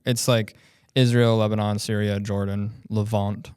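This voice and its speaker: A young man co-hosting a podcast in casual chat, teasing his partner and quick with jokes. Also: on the low side, little pitch movement, a little mellow, smooth, dry recording, studio quality. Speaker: podcast co-host.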